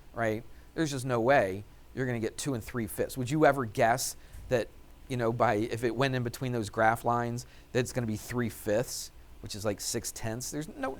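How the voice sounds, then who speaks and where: A male math teacher talking through algebra steps, asking questions and answering them himself as he writes. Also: medium pitch. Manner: talks while writing out steps. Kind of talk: classroom lecture.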